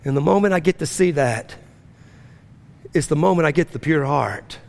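A man preaching a sermon as pastor to a congregation, swinging between fervent rising lines and hushed, low-key storytelling. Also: expressive, normal speed, vocal fry. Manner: preaching with rising intensity and drops to a near-hush. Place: church.

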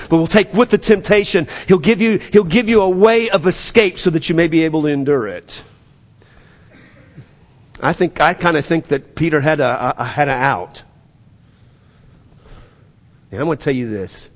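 Man, New Orleans accent, pastor sermon, animated, stammering restarts, reverberant hall. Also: fairly high pitch. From New Orleans area. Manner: animated, acts out scripture dialogue, stammers restarts.

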